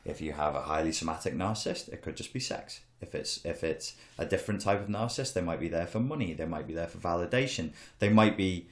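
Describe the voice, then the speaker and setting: A man's voice: sits low, expressive, fast talker, few pauses, reverberant. A man hosting a casual podcast conversation, candid and blunt, with some swearing and acted-out quotes. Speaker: podcast host, coach on narcissistic abuse.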